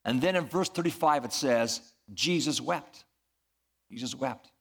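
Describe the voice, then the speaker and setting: A man's voice: fairly high pitch, measured pace, creaky, a bit bright. A man preaching a sermon as a pastor, earnest and building to emphatic peaks.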